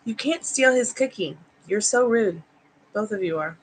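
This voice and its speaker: A woman's voice: medium pitch, animated, normal speed, a little hiss or hum, poor audio. Woman chatting on a tarot livestream. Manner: cooing baby talk to her dogs between chat replies. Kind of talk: casual livestream chat. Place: home, by the couch.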